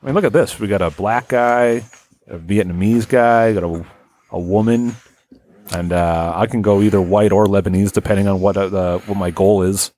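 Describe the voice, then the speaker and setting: A man's voice: on the low side, fairly even intonation, normal speed, a little mellow. A man co-hosting a podcast in casual chat, wry and joking, rambling with fillers. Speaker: podcast co-host.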